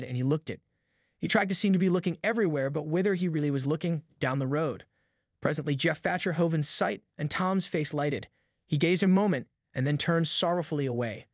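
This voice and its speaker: A man reading a classic novel aloud in a steady, measured audiobook narration. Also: on the high side, dry recording, studio quality. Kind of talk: scripted narration.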